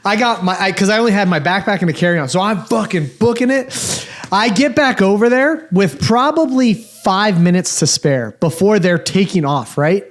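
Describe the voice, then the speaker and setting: A man co-hosting a podcast, telling a long travel story in an animated, exasperated, swear-heavy way. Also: high voice, normal speed. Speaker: podcast co-host. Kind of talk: casual storytelling chat.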